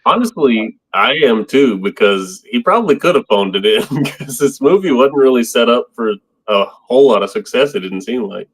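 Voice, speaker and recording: A man's voice: mid-range voice, expressive, normal speed, few pauses, a bit bright, breathy edge. A man co-hosting a casual movie podcast, rambling and laughing often as he reads out favorite lines. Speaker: podcast co-host. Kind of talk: casual chat.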